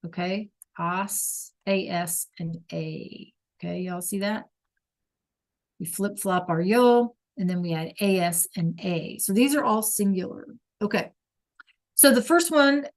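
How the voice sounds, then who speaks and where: A woman teaching a class over a video call, explaining slowly and patiently and checking in with "okay?" all the time. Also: medium pitch. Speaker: Spanish teacher.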